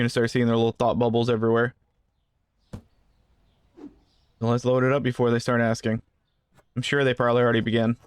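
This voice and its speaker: Man, mid-pitched voice, casual gameplay commentary, joking banter, rambling asides, dry close sound. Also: monotone, fairly quick, pauses often, clean tone, no echo. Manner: joking banter at game customers. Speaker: gaming channel host.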